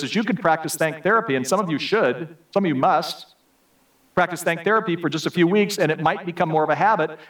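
A man's voice: on the high side, far from the mic, low-quality recording. A man giving a sermon, telling humorous, self-deprecating personal stories. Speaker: speaker giving a message.

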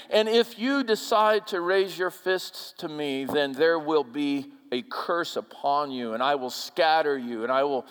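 A male pastor from the upper Midwest preaching a sermon, animated, swinging between loud emphasis and hushed asides. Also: fairly high pitch, measured pace, hardly any pauses. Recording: long reverb of a church hall.

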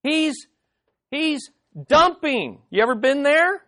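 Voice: medium pitch, expressive, a little slow, a bit bright. A Bible teacher giving an emphatic study lesson to a live group, often putting questions straight to the listeners and repeating words to press a point.

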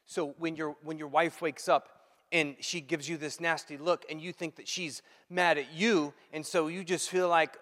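Animated preacher in a reverberant hall. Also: male voice, on the high side, moderate pace. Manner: animated, acts out quoted dialogue; swings from loud to hushed. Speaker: pastor. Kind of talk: sermon.

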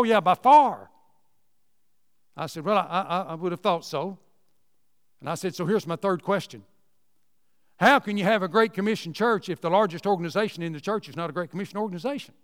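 A man tells church stories in a folksy, repetitive way, his voice pitched high. The sound carries a long reverb, as if from a church hall. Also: a bit bright. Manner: folksy storytelling, repeats words, rising emphatic asides. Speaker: Sunday school teacher and speaker. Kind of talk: folksy Southern Baptist teaching talk.

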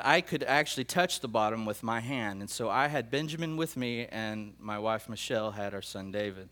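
A man's voice: medium pitch, a bit bright. A middle-aged man, a pastor, telling his dreams in a sermon, earnest and emotional, often repeating and restarting his phrases. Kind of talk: sermon sharing prophetic dreams.

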